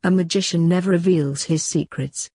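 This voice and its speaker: A woman's voice: on the low side, fairly even intonation, moderate pace, mellow, breathy edge, dry recording. A woman reading the lines of a weary old male stage magician, a grandfather, polite and evasive.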